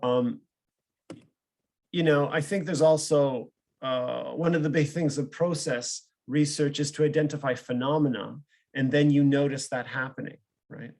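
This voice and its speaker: A man's voice: medium pitch, fairly even intonation, measured pace, creaky, a little mellow. A man, a psychologist and professor, giving a conversational online seminar over a video call, explaining with examples and often checking in with "right?". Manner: explains with examples, ends points with questioning "right?".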